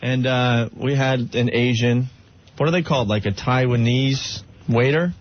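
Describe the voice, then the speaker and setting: A man's voice: medium pitch, steady tone. A man hosting a comedy radio show, chatting casually and needling his co-host. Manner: needling, quick, reads station IDs. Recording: muffled radio broadcast with music.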